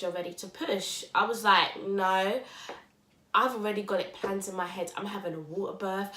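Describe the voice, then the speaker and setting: A woman's voice: medium pitch, a little hiss or hum. A young woman, casually telling a story on a podcast, acting out quotes and laughing. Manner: animated, acts out quotes loudly and laughs. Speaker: podcast co-host. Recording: roomy echo.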